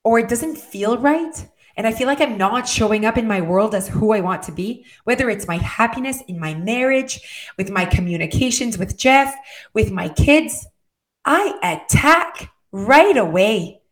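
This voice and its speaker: A woman's voice: on the high side, moderate pace. A woman giving a heartfelt motivational talk on weight and wellness, speaking directly to the listener and checking in often, in a rambling, earnest way. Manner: direct, coaching tone with frequent "okay?" and "right?" check-ins.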